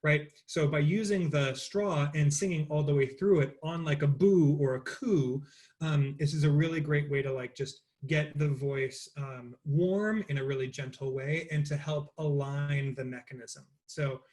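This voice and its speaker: A man's voice: fairly high pitch, measured pace. Man teaching voice with casual fillers. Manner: casual explanatory, many fillers and restarts; sings soft cooing warm-up patterns. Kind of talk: interactive online lecture on vocal technique.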